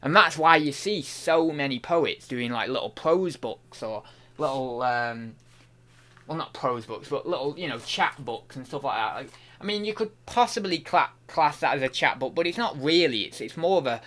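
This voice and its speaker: Brief: young male streamer, bright forceful tone, chatty and rambling, restarts often. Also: medium pitch, lively intonation, normal speed. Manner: rambling, thinking aloud, many restarts. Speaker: online reseller and streamer. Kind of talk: casual livestream chat while working.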